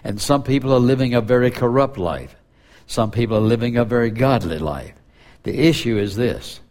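A male pastor preaching an earnest sermon to a congregation, slowing down when he quotes scripture. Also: mid-range voice, lively intonation, darkish tone.

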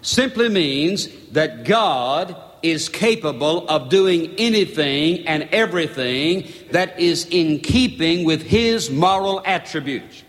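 A man delivers a sermon in a church sanctuary, with a voice set a little higher than most men's. He reads scripture in a slow, emphatic cadence. The long reverb of the hall hangs behind every phrase. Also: expressive, a bit bright. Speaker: pastor.

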